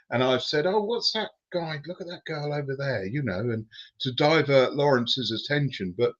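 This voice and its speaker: Bright-voiced former racer. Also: male voice, medium pitch. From Britain. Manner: cheeky, swearing, relaxed storytelling. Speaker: former racing driver telling stories. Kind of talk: casual anecdote on a live stream. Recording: dull lo-fi recording.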